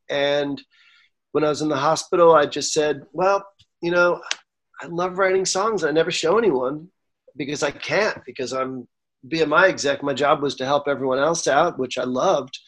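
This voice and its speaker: Higher-pitched man telling his story. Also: normal speed. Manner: animated, acts out quoted dialogue; gets emotional. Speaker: songwriter guest. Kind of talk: storytelling interview.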